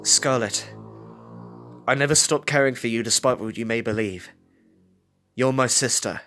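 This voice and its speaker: A protective young male fox from a read-aloud fan story, voiced by a man in close to his own voice, gentle but firm. The tone is bright and moves lively up and down. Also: medium pitch, moderate pace, faint music behind. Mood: tender.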